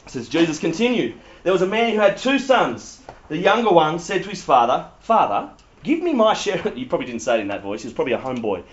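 A man preaching a sermon, telling stories with animated humor. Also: fairly high pitch, fast talker, hardly any pauses. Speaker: pastor. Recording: dull lo-fi sound.

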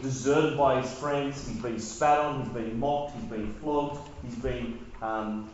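A man's voice: medium pitch, fairly even intonation, slow pace, a little mellow, a little hiss or hum. A man preaching a sermon, retelling the scene with dramatic repetition and emphasis. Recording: very echoey, dull lo-fi sound.

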